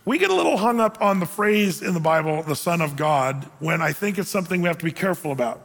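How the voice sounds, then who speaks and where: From the stage of a church, a pastor preaches quickly in a high, gravelly, slightly bright voice with lively intonation, his words ringing with long hall reverb. He stays conversational and lightly joking, often stopping to ask the congregation rhetorical questions.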